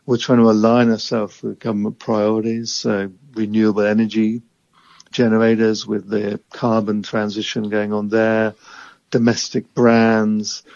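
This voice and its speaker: A man who invests in emerging market equities, answering interview questions in a measured, analytical way. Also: on the low side, completely flat delivery, gravelly, darkish tone, no echo, muffled recording.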